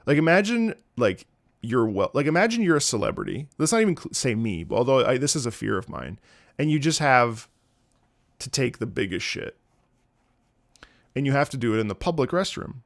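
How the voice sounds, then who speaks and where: A man's voice: medium pitch, fairly quick, vocal fry, no room sound, clean studio sound. A man chatting casually on a livestream, telling joking stories and swearing often. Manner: animated, joking storyteller with frequent swearing. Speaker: streamer.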